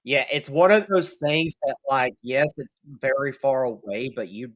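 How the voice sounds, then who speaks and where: A man's voice: medium pitch, unhurried. A man narrating as game master of a tabletop game, casual and hesitant with fillers.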